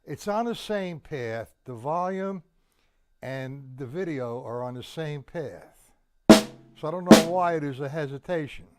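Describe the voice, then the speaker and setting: An older man leading a live online drum lesson, counting beats aloud slowly and patiently. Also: fairly high pitch, lively intonation, darkish tone, faint music behind. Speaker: drum teacher.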